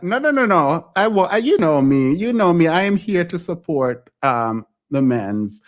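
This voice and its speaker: A man hosting a casual live call-in stream, animated and laughing, often breaking off mid-sentence. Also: on the high side, unhurried, few pauses. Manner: animated, laughing, self-interrupting.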